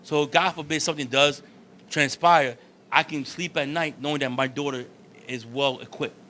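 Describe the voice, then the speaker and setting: A man's voice: on the high side, fairly even intonation, moderate pace, bright, forceful tone, slight background noise. Earnest father on a talk show. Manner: earnest, repeats himself, restarts phrases. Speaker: guest martial artist. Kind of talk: casual interview chat.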